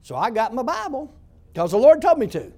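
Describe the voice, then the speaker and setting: A man's voice: very high voice, wildly swooping pitch, brisk, mellow. A man telling a testimony story as a former prison pastor, in a folksy, emphatic way.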